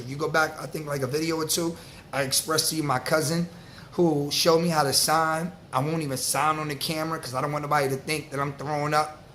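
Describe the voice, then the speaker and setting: A man, telling a story to camera in a loose, slang-filled, animated way. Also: a little high, slight background noise. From New York. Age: 40s. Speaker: vlogger.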